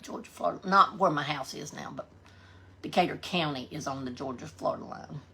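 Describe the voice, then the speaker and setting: Southern woman, live-stream host, gravelly low voice, folksy chatter with viewers. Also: fairly quick, pushed and bright. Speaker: livestream host. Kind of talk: casual live-stream chat, reading out viewer comments.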